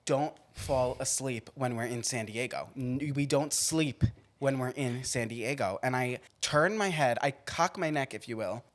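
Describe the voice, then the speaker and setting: A young man from Long Island, co-hosting a podcast and telling stories in a lively, animated way. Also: fairly high pitch. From Long Island, New York. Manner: animated storyteller, shrieks when acting out scenes. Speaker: podcast co-host. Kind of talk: casual chat.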